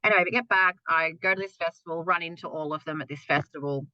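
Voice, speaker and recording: A woman's voice: low voice, fast talker, pushed and bright, no echo. A young adult woman talking as a podcast guest, telling a personal story candidly and frankly, swearing freely and acting out what others said. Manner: frank, swears freely, acts out quoted voices. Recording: dull lo-fi dry remote sound.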